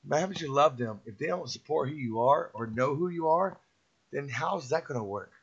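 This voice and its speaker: A man's voice: a little high, expressive, normal speed, husky. Middle-aged guy, motivational rant, repetitive and preachy, muffled lo-fi recording. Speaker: vlogger giving a motivational talk. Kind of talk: rambling motivational monologue. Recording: dull lo-fi sound.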